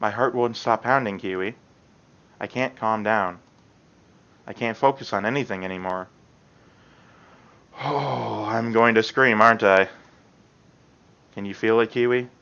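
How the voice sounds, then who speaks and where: Guy doing a shy bookworm girl, soft and hushed, halting, bright edgy tone. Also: lowish voice, creaky, clean tone, lo-fi sound, pitched below the performer's own voice. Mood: breathless, anxious. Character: shy timid young woman bookworm, flustered.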